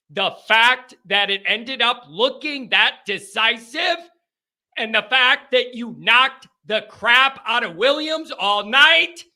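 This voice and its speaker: Guy hosting a postgame call-in show, real high voice, all emotional, says stuff over and over. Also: pushed and bright. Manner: emotional, repeats himself. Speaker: fan show host.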